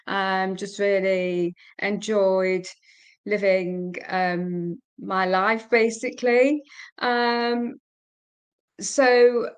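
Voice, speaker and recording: An older retired woman on a video call, speaking hesitantly with many pauses and fillers. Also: mid-range voice, smooth. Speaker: retiree starting a business. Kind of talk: casual video call chat.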